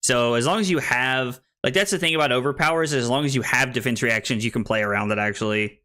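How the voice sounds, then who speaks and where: Man, young adult, from the US, bright tone, hesitant thinking aloud, casual gameplay commentary. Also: mid-range voice, quick pace. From United States. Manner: thinks aloud, hesitant, many restarts and fillers. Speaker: streamer.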